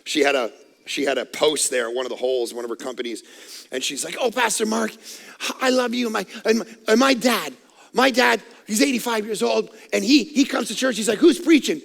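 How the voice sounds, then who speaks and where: A middle-aged man preaching a sermon on a headset mic, loud and energetic, with self-mocking humor. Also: sits high, a little fast, gravelly, long reverb tail. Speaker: pastor. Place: church auditorium. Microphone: headset microphone.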